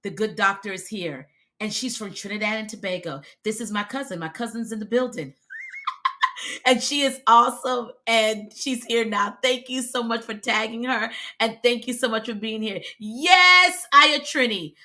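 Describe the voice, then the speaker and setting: A woman's voice: a little high, moderate pace, fairly bright tone. A woman in her forties with an American accent, giving an emphatic live-streamed coaching talk as a video visibility coach and talking to viewers in the comments. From United States.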